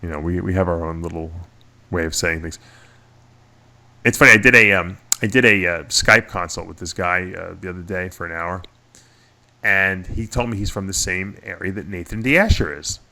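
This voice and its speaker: A man's voice: low-pitched, normal speed. A middle-aged man with a New York accent, chatting casually as a radio show host and telling stories with a laugh. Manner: animated storyteller, laughs at himself. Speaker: podcast host. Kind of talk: casual chat.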